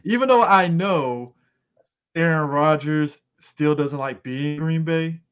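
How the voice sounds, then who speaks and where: A man's voice: a little high, takes it slowly, a bit bright, clear, resonant tone, dull audio. A man co-hosting a casual sports chat show, joking and swearing as he breaks down games. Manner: joking, profane, laughs easily. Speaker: podcast co-host.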